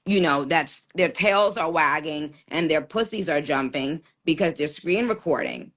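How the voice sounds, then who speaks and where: A woman hosting a casual live stream chat, speaking slowly and deliberately in a sarcastic, teasing way. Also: low-pitched, animated, a bit bright. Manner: slow, deliberate, drawn-out speech.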